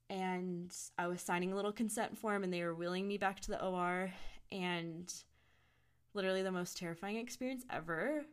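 A young woman speaks as a podcast guest, telling her story in a loose, chatty way. Her pitch sits in the middle, and she drops "like" into most sentences and acts out what others said. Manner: chatty, heavy use of "like", quotes others in lively voices. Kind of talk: casual storytelling.

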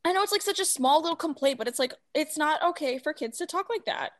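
A woman co-hosting a casual podcast chat, animated and freely swearing. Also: high-pitched, fast. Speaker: podcast co-host.

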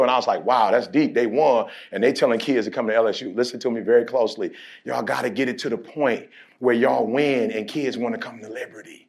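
A man giving a preacher-like pep talk to a college sports team. He talks in an emphatic rhythm, acts out conversations when telling stories, and leads call-and-response chants that build to shouts. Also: medium pitch, a little fast, gravelly. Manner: storytelling and playful, acting out conversations. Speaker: motivational speaker addressing a college sports team.

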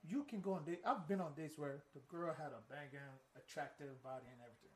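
Fast-talking blunt man, higher voice. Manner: blunt, crude and animated. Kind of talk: casual chat.

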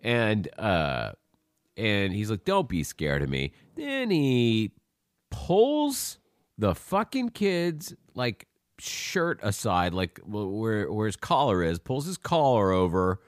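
A man co-hosting a movie podcast, chatting casually with animated, profane ranting asides. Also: fairly low pitch, takes it slowly, no echo, clean studio sound. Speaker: podcast co-host.

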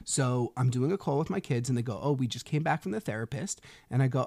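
A man's voice: medium pitch, quick pace, hardly any pauses, dry recording. Man telling a story, dry close sound. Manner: animated, acts out quoted dialogue, swears freely. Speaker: father. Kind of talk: casual personal storytelling.

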